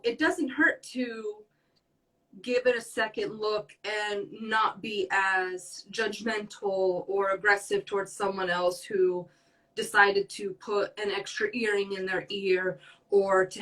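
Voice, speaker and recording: A young woman speaks earnestly as a podcast guest in casual conversation, rambling with many fillers. Her voice is medium-pitched and a bit bright, captured from a distance in a low-quality recording.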